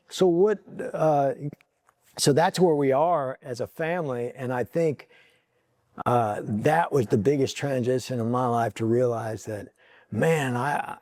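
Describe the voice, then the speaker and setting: A man's voice: medium pitch, darkish tone, no echo. A middle-aged man speaking as a podcast guest in earnest, heartfelt casual talk, often stopping to restart and repeat his words. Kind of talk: casual chat.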